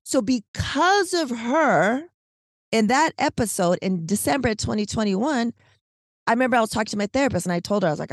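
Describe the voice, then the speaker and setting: A woman co-hosting a podcast, telling a long story in casual, animated, slangy chat, full of "like" and "right?". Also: on the high side, a little fast, dry recording, clean studio sound. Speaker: podcast co-host.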